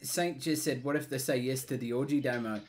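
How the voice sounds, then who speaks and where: A man's voice: medium pitch, fairly quick. Australian man telling rowdy stories. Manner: swears freely, tells animated stories. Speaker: podcast co-host. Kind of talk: casual chat.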